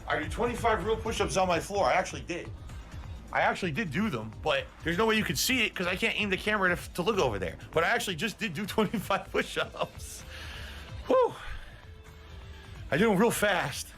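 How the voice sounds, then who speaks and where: Brief: middle-aged streamer, a man, swearing and indignant, breathless, fairly high voice, music in the background. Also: animated, a little fast, pushed and bright. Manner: profane, combative, indignant. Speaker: live streamer. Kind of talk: ranting livestream talk.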